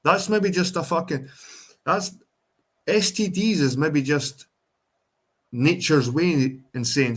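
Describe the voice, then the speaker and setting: A man's voice: on the high side, slow pace, long pauses, slightly rough. Sweary Scottish man hosting a livestream. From Ireland, raised in Scotland. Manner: profane, rambling, reads chat aloud. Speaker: livestream host. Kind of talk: casual livestream chat.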